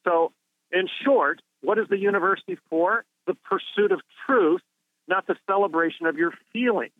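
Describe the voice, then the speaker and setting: A man speaks down a thin, tinny phone line, his voice sitting slightly high. He argues emphatically and in a preacherly way, stacking phrase upon phrase. The sound is dry, with no room around it. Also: normal speed, no echo. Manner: emphatic, preacherly, builds points through repetition. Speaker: university president, guest. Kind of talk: phone-in radio interview. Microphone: telephone.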